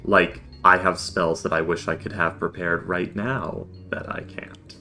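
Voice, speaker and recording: A man with a very low voice chats wryly at a tabletop game he is streaming. He rambles a little as he thinks out loud. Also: flat delivery, unhurried, faint music behind. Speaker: streamer and player. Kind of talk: casual game chat.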